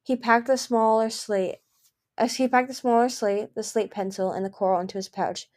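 A woman's voice: steady tone, a little mellow. A woman reading a novel chapter aloud, lifting her voice for the characters' lines. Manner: reads briskly, raising pitch and volume for dialogue. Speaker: fan reader of a novel.

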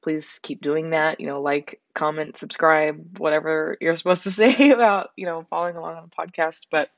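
A hoarse young woman with a raspy edge talks earnestly into her podcast mic, rambling and filling gaps with likes. The sound is dry and close, with a slightly dull, lo-fi tone. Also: low-pitched, steady tone, normal speed, no room sound. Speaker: podcast host. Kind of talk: reflective solo podcast talk.

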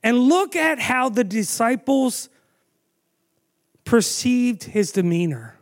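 A man preaching a sermon, telling the story with animated storytelling and asking the audience questions. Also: extremely high pitch, extremely slow.

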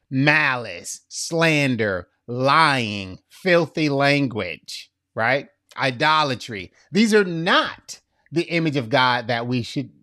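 A middle-aged man preaching a sermon in an animated way, often laughing at his own jokes. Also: on the high side, dry recording, clean studio sound. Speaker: pastor.

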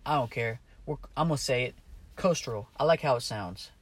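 A man's voice: mid-range voice, quick pace, breathy edge. A man from Maryland talking casually to camera while driving his car, meandering and correcting himself as he goes. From Maryland, USA. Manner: chatty, meandering, self-correcting, apologizes for cussing. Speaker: vlogger. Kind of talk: casual rambling monologue.

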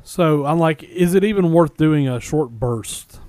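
Male podcast guest, higher-pitched, rambling storyteller, dry close sound. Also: measured pace, dry recording. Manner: relaxed storytelling with many "like" and "I mean" fillers. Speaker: podcast guest, former ghost hunter. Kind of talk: casual chat.

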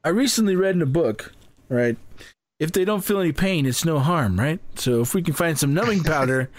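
A man's voice: fairly high pitch, animated, brisk, no echo, studio quality. A man playing a tabletop game, joking with the group and asking questions. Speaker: player. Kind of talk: casual tabletop game chat.

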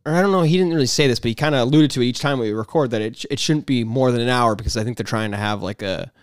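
A man co-hosting a podcast, chatting casually and animatedly, jumping into quick mock quotes. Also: medium pitch, clear, resonant tone, no echo, clean studio sound. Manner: animated, jokey, acts out quotes. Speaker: podcast co-host. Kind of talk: casual chat.

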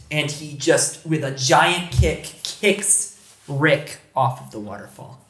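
A man's voice: on the high side, animated, slow, fairly bright tone. A man narrating as game master, rambling with many restarts. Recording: echoey room.

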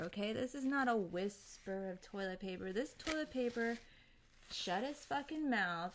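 A woman's voice: mid-range voice, fairly bright tone. Woman vlogger, comic rant to camera, profane, exasperated, punchy emphasis. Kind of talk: ranting to camera.

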